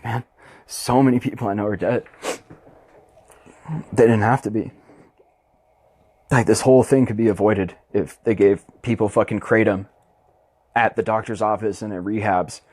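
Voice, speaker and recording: A man's voice: on the low side, breathy edge, dry recording. A young man hosting his own podcast, ranting bluntly and passionately with constant swearing in a casual monologue. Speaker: podcast host.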